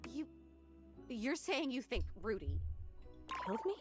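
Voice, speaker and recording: A sweet, trusting young ghost girl for a video game gushes in a high, bright voice that swoops up and down. She sounds breathless with wonder. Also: sing-song, measured pace, music in the background. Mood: anxious, uneasy.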